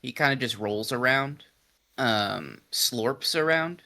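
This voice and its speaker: A man's voice: medium pitch, animated, slow pace, creaky, bright, forceful tone. A man playing a tabletop game, explaining his character in a thoughtful, hesitant way. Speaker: player.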